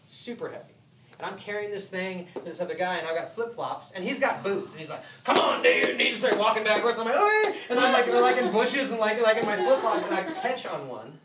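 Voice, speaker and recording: A man's voice: high-pitched, expressive, fast, a loud crowd. A man preaching a casual sermon, telling stories with laughs and voiced asides. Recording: roomy hall from a distant mic with noise.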